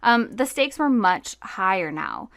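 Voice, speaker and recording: A woman's voice: mid-range voice, very animated, a little slow, fairly bright tone. A woman co-hosting a history podcast, reading from notes in a casual way with fillers and asides. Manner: casual, reads notes then riffs with fillers. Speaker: podcast co-host. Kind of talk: conversational history podcast narration.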